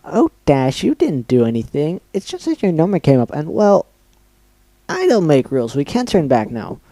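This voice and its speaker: A man's voice: a little high, huge pitch swings, normal speed, mellow, no room sound. A man voicing a cheerful, murderous female pink pony, bubbly and sing-song with a sweetly sinister edge. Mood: sweetly regretful.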